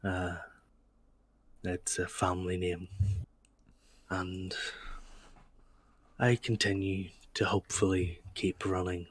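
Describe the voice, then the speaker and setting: A man's voice: low voice, fairly bright tone, husky, dry recording, heavily acted. A man voicing an old, genial male elephant-kin clothes merchant with a Northern Irish accent. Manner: genial, courteous shopkeeper.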